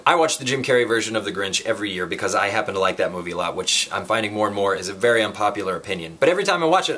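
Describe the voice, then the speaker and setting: Man, comic storyteller, deadpan, playful exaggeration, middle-pitched voice.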